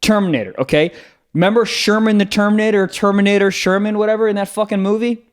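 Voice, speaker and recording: A young man co-hosting a comedy podcast in casual chat. He is excitable, swears a lot and stumbles while hunting for words. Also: sits high, fast, clean tone. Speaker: podcast co-host.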